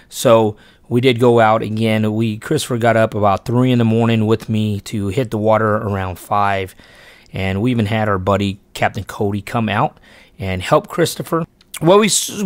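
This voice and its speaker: In this casual storytelling vlog, a father who runs a fishing channel rambles through how a fishing day with his son went, frequently backing up to correct himself. Earnest in tone, he becomes emphatic praising the boy, in a fairly low voice with no room sound.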